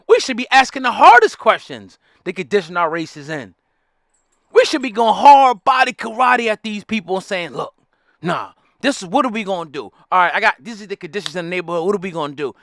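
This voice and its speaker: A man rants at his audience in a high, bright, jumpy voice. He hammers the same points over and over, preacher-like and fiery. The sound is dry and close. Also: very animated, fairly quick, dry recording. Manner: fiery, repetitive, preachy, addresses the audience directly. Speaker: commentary host. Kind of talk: heated ranting commentary.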